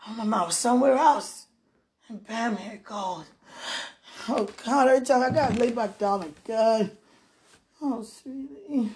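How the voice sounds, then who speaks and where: Slow, high-voiced woman praying in bed. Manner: moaning, pleading, shifts between hushed whispers and loud protests. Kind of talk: emotional spoken prayer monologue. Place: lying in bed.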